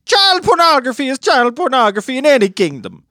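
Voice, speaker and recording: A woman's voice: high voice, very animated, fairly quick, a bit bright, dry recording, studio quality. A woman voicing a bossy adult male plumber hero with a hammy put-on Italian accent, in an improvised podcast parody. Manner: blustering, scolding.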